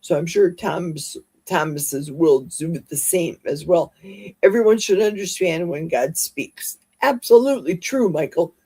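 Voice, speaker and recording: A woman's voice: on the low side, lively intonation, measured pace, dark tone, slightly rough. A woman hosting a casual livestream, chatty and exclamatory as she reads viewer comments aloud. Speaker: livestream host. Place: home livestream.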